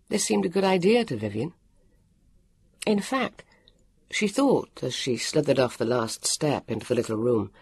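Slow expressive narrator for a storybook, husky, close and dry. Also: mid-range voice, no echo.

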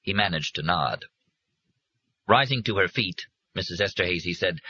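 A man reading a novel aloud as an audiobook narrator, in measured scripted narration. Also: low-pitched, animated, bright, forceful tone, slightly rough, dry recording. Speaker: audiobook reader. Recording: dry, dull lo-fi recording.

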